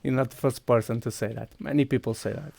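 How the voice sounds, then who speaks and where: A man's voice: medium pitch, steady tone, fast, gravelly, a little mellow, no room sound. A man with a Portuguese accent streaming a game, walking viewers through each step while he clicks and thinks aloud. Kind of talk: casual live-stream chat.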